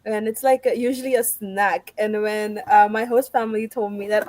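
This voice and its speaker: A woman's voice: medium pitch, steady tone, normal speed, few pauses, a little mellow, no echo. A woman talking casually on a panel, explaining how words differ between places. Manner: explanatory, compares word meanings. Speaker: international student guest.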